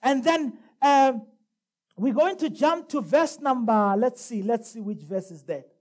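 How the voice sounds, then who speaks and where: A woman preaching a sermon, emphatic, slowing down to read scripture aloud. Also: a little high, animated, a little mellow.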